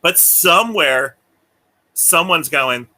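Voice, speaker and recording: A man's voice: a little high, expressive, takes it slowly, pushed and bright. A man co-hosting a podcast in casual chat, rambling and often laughing as he acts out the voices of the people he quotes. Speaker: podcast co-host.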